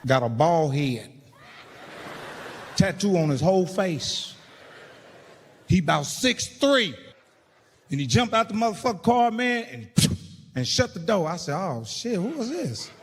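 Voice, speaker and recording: A man doing stand-up comedy, telling a story in an animated, profane way and acting out the people in it. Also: sits high, a little slow, long pauses, breathy edge. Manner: animated, profane, acts out the people in his stories. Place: stage in a large venue with a live audience. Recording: live hall reverb and a loud laughing crowd.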